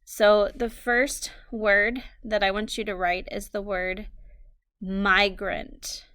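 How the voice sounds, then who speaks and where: A woman teaching a recorded phonics lesson, slowly dictating words and spelling them out letter by letter. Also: mid-range voice, fairly even intonation, fairly bright tone, dry recording, clean studio sound.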